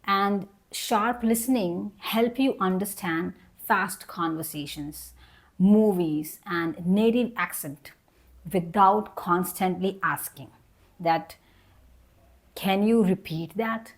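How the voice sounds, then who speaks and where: A woman's voice: lowish voice, takes it slowly. A young adult woman teaching an online English lesson. She explains each point patiently, repeats herself and models example sentences.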